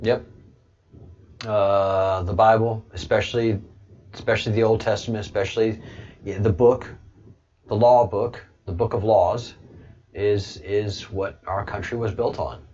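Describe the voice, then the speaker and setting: A man's voice: lowish voice, fairly even intonation, measured pace, long pauses, darkish tone. A man hosting a casual live chat stream, rambling with chuckles and many hesitant fillers. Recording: dull lo-fi stream audio.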